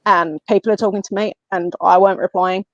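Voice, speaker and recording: An English woman tells a personal story as a podcast guest, chatting casually at a middling pitch. She is animated and acts out the lines of the people in her story. The recording is dry and slightly dull, like lo-fi call audio. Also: brisk, dry recording. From England. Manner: animated, tells the story by acting out what others said. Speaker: guest, medium and paranormal investigator.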